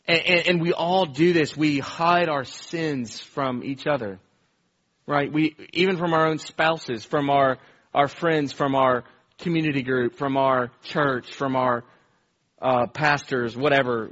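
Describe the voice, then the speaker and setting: A man's voice: on the high side, fairly bright tone, muffled recording. A man preaching a conversational sermon, telling stories earnestly with frequent restarts and repeated words. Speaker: pastor.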